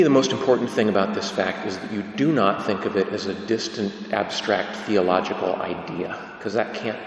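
A man preaching a Catholic sermon, emphatic and conversational, often asking the listeners rhetorical questions. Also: lowish voice. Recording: echoey hall with long reverb.

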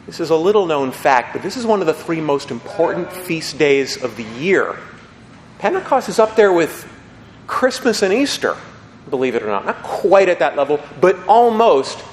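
A man's voice: sits high, noisy background. A man preaching a homily as a priest, conversational and folksy, often checking in with his listeners. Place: church. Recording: echoey church with long reverb.

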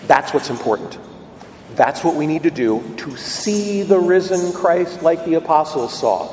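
A man's voice: a little high, expressive, a little slow, a little mellow, a little hiss or hum. A male priest preaching a sermon in a church, emphatic and storytelling. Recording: echoey hall from a distance.

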